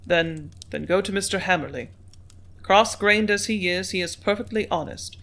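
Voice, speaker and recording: An audiobook reader voices a male company manager who is measured and business-minded, speaking in calm, dictating tones. The reader's voice is mid-range with vocal fry.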